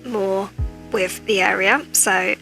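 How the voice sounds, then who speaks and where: Bright, hushed woman chatting. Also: mid-range voice, fairly even intonation, takes it slowly, creaky, soft background music, poor audio. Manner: talking quietly, chatty. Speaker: gaming video creator. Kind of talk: casual voiceover. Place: at home late at night. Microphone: cheap tinny microphone.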